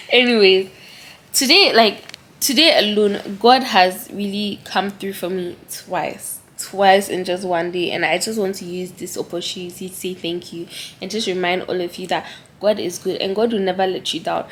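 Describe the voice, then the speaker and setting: A woman's voice: medium pitch, normal speed, fairly bright tone. Young woman vlogging into her phone, chatty and heartfelt, says like a lot. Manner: chatty, heavy on "like" fillers, heartfelt. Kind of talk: casual vlog talk to camera. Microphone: handheld phone camera.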